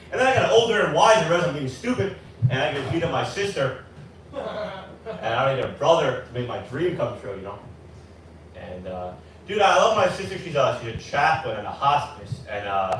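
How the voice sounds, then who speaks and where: A man's voice: a little high, a bit bright, slight background noise. A man in his twenties doing a rambling, self-deprecating stand-up set at an open mic. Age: 20s. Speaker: stand-up comic. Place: small bar with live audience. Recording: very echoey room from far off.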